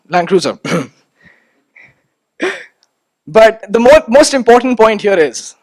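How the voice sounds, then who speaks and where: High-voiced, animated young man on stage. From India. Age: 20s. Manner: animated, rhetorical, repeats words when starting. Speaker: student speaker. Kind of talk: motivational stage talk. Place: stage at a talk event.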